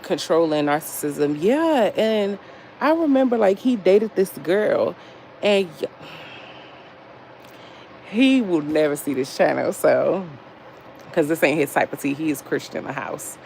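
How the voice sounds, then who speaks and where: Gravelly-voiced woman cussing through a livestream story. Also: unhurried, pauses often, slight background noise. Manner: profane, talks straight to her chat; lively storytelling, frequent jumps in pitch. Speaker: livestream host. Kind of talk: casual livestream chat.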